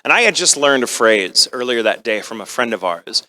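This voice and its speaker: Animated American man telling a story. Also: medium pitch, normal speed. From United States. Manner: animated, comic, acts out voices. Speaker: convention guest actor. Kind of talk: storytelling panel talk. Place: convention panel room.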